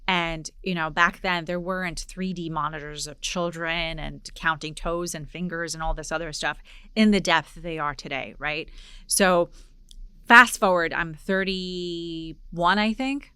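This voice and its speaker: A podcast host in her forties who grew up in Poland tells a personal story, slipping into the voices of the people in it. Her voice sits low but rings bright and forceful. The sound is smooth and dry, close to the mic. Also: measured pace, no room sound. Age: 40s. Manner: animated storyteller, acts out dialogue. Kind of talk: casual interview storytelling.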